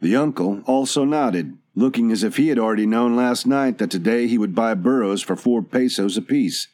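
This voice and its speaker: A man narrating an audiobook in a steady, even storytelling manner. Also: medium pitch, normal speed.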